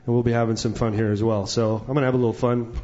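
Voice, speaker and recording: A man, a singer-songwriter on a small stage, making quick offhand announcements between songs. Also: mid-range voice, little pitch movement. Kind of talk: stage patter and singing with guitar. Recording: muffled live venue recording with loud guitar.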